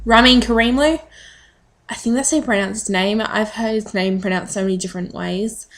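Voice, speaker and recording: A woman talking casually to her camera. She rambles from one thing to the next, filling pauses with plenty of ums, at an ordinary pitch for a woman. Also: fairly even intonation. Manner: chatty, rambling, frequent ums. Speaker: vlogger.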